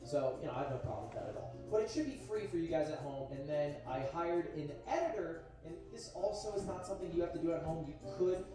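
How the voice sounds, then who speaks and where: A young man in his twenties narrating his own vlog in a brisk, chatty, self-assured way. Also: fairly high pitch, animated, music in the background. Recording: echoey, distant playback on a stream.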